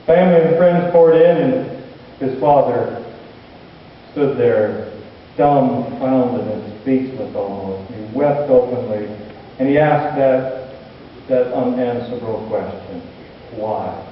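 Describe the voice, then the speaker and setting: A pastor and hospital chaplain preaching a sermon, telling stories slowly and earnestly with dramatic pauses. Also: male voice, medium pitch, slight background noise. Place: church sanctuary. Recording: distant, echoey church hall, muffled.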